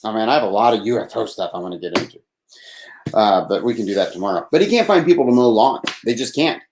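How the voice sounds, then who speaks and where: Rambling Texan man with a lively voice. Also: lowish voice, fast talker, echoey room, slight background noise. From Texas. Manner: rambling, laughs often, swears. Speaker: host of a nightly live call-in show. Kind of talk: casual live-stream monologue.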